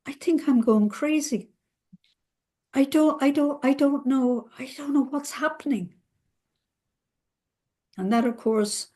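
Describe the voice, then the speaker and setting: A woman therapist recounting a client's story in a relaxed conversational way, acting out the quoted voices with lively emphasis. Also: mid-range voice.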